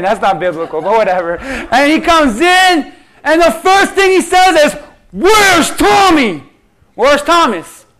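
A man preaching a sermon, acting out prayers and Bible figures, swinging between loud pleading and hushed asides. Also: very high-pitched. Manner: acts out prayers and Bible figures in quoted speech. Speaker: pastor.

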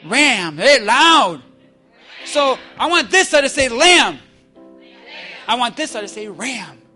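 A man preaching a sermon, moving from hushed, slow passages to loud call-and-response with the congregation. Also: very high voice, sing-song, faint music behind. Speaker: pastor.

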